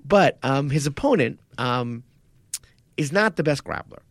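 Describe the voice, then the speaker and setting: Animated gravelly man chatting about fights. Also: mid-range voice, measured pace, dry recording. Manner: animated, laughs often, acts out his own reactions. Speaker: podcast co-host. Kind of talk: casual sports chat.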